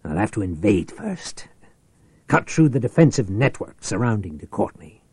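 A man voicing a ruthless, scheming rich businessman who talks forcefully and persuasively. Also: lowish voice, big pitch swings, normal speed, slightly rough, no echo, exaggerated voice. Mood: calculating.

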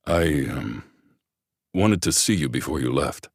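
A man's voice: expressive, husky, no echo, studio quality, full character voice. A man voicing a big, scarred male soldier who speaks earnestly and stammers. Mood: earnest, quiet. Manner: low, halting, stammering.

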